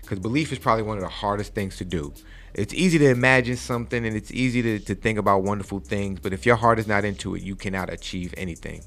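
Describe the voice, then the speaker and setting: Fast and fairly bright, his voice sits on the low side. The man, in his forties, hosts a podcast and preaches motivation in a casual chat, regularly checking in with "okay?".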